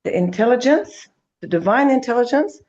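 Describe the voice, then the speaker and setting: A woman's voice: fairly high pitch, animated, moderate pace, a little mellow, muffled recording. A woman speaking as a gives an impassioned spiritual talk, emphatic, calling her listener darling and now and then swearing.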